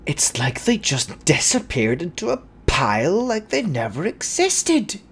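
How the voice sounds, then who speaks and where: A man's voice: on the high side, wildly swooping pitch, measured pace, a bit bright, breathy edge. Crude joking man streaming a game. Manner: crude, joking, putting on silly voices. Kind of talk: casual gameplay commentary.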